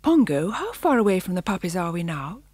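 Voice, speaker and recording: A woman voicing a bright, eager young mother dalmatian in an audiobook. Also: on the low side, very animated, fairly quick, no room sound.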